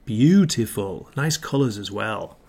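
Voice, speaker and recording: A man's voice: on the low side, lively intonation, slow, vocal fry, a little mellow, breathy edge. Chatty enthusiastic man on a livestream. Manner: chatty, enthusiastic, rambling asides. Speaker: comic book livestream host. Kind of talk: casual chat. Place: home livestream setup with ring light.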